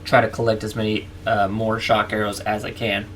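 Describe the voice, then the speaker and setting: A man's voice: on the low side, monotone, a little fast, a bit bright, slight background noise. A man hosting a let's play, chatting casually and narrating each move to the viewer. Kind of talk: casual gameplay commentary.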